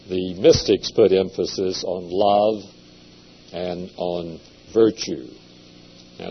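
A man giving a seminary lecture in a measured, deliberate way, with occasional hesitations. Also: deep voice. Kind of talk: classroom lecture. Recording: dull lo-fi lecture recording with faint hum.

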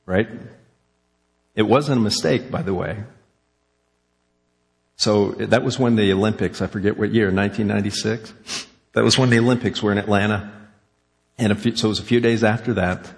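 A middle-aged pastor with a fairly low voice preaches in a long-echoing hall. He tells his story earnestly and ends quietly in prayer. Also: fairly even intonation, moderate pace, creaky, pauses often. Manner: storytelling, earnest, growing emotional then hushed in prayer. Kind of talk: sermon with personal story.

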